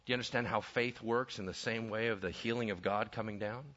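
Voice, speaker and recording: A man preaching a lively sermon, conversational and full of rhetorical questions. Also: on the low side, fast. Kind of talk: animated sermon with acted-out voices. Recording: dull lo-fi sound.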